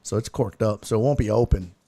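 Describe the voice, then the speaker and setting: A man's voice: fairly low pitch, a little fast, warm tone, husky, dry recording. A man hosting a sports live stream from home, chatting loosely, rambling and thanking viewers in chat. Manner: swears casually.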